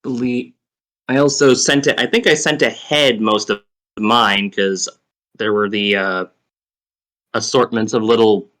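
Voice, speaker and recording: A man playing a tabletop game, describing his character's actions in a halting, hesitant way. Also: lowish voice, steady tone, a bit bright. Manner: hesitant, halting, restarts often. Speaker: player. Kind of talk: casual tabletop play.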